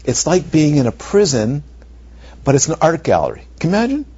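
A male meditation teacher giving a dharma talk, animated and rhetorical, sometimes dropping to near whispers, on a muffled recording. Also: on the high side, fairly quick, slightly rough. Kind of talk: dharma talk to retreat students. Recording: muffled lo-fi recording with faint noise.

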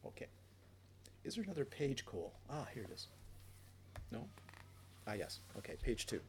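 In this easygoing meditation talk, a man of medium pitch speaks at a moderate pace, often restarting and slipping into playful quoted voices as he shares anecdotes. Faint noise sits behind him.

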